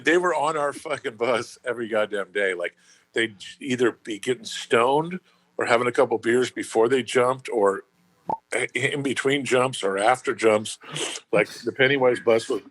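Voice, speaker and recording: A man's voice: mid-range voice, normal speed, a bit bright, dry recording. A man, a touring band member, tells rambling, profane stories on a podcast, laughing as he goes. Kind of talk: casual podcast storytelling.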